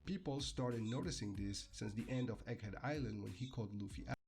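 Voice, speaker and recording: A man narrating a scripted commentary in a measured, analytical way. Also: mid-range voice, gravelly, darkish tone, slight background noise. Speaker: video essayist.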